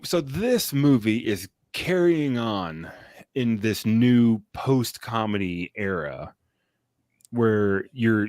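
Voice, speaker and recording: A man's voice: lowish voice, dry recording, studio quality. Profane, rambling man recapping a movie. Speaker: podcast co-host. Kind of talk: casual chat, movie review.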